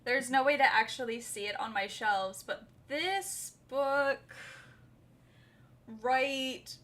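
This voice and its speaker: A bubbly young woman with a bright, crisp voice set a little high, giggling as she rambles through a casual stream chat. She jumps from topic to topic in an easy, talkative way. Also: animated, slow pace. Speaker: debut novelist and streamer.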